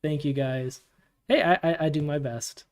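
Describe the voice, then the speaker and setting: Man, livestream host, casual, relaxed, slightly high voice, chatty answers to chat questions. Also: moderate pace. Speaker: community AMA host.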